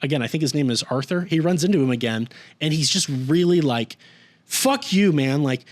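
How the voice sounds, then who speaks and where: A man's voice: fairly high pitch, fast. A man hosting a podcast and recapping a story in casual chat. He rambles, swears freely, says "like" a lot, and briefly acts out the characters when he quotes them. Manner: rambling and profane, with heavy use of "like". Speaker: podcast host.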